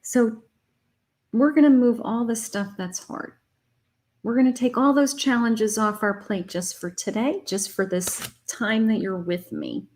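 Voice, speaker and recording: Slow, emotional woman giving a tarot reading. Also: on the high side, darkish tone, slight background noise. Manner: emotional, uplifting, speaks slowly with repeated affirmations. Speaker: psychic tarot reader. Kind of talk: live spiritual reading to viewers.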